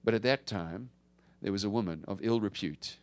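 A male pastor with a lowish voice preaches a conversational sermon at a normal speed. He swings between emphatic rises and hushed drops.

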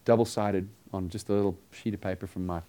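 A man preaching a sermon, earnestly telling a story and acting out the dialogue, sometimes dropping to a hushed tone. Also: sits low, steady tone, quick pace.

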